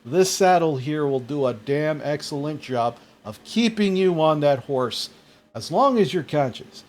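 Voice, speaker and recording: A man's voice: a little high, lively intonation, unhurried, darkish tone. A man playing a polite, apologetic male magic shopkeeper who rambles with many fillers. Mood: friendly.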